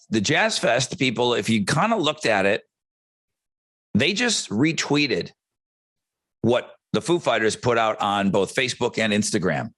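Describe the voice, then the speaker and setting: Man, middle-aged, podcast co-host, measured, methodical, dry recording. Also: mid-range voice, fairly bright tone, no room sound. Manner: measured, lays out points step by step. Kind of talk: casual podcast chat.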